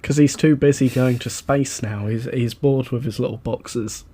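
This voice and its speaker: Man, mid-pitched voice, casual podcast chat, dry jokes. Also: steady tone, normal speed, mellow, husky. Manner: dry jokey quips. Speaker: podcast co-host.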